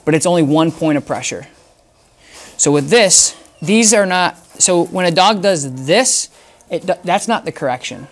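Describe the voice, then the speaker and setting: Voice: medium pitch, expressive, normal speed. Casting: a dog trainer, casual and emphatic, talks in repeated punchy phrases. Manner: talks to the dog in soft whispers between explanations. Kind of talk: casual instructional talk.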